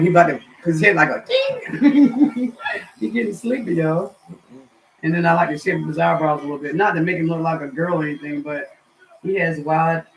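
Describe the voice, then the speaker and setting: A woman's voice: deep voice, poor audio. A woman with a Southern North Carolina accent hosting a casual home livestream, chatting to viewers as y'all and swearing then apologizing. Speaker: cooking channel host. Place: home, indoors.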